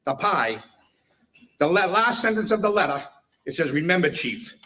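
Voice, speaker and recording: A man's voice: high-pitched, lively intonation, normal speed, bright, forceful tone, distant mic. A man giving a humorous retirement speech, telling stories and laughing at his own jokes. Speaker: speaker at a retirement tribute.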